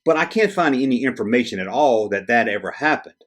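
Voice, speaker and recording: Lively-voiced man explaining toy history. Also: medium pitch, brisk. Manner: conversational, asks viewers questions. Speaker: toy collector video host. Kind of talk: casual explanatory chat to camera.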